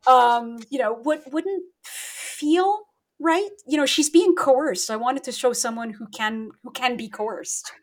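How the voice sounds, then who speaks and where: A woman author talking in a relaxed interview over a remote connection, thoughtful and quick to laugh at herself. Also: on the high side. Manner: thoughtful, self-deprecating, laughs often. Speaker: guest author. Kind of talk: casual interview talk. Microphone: remote call.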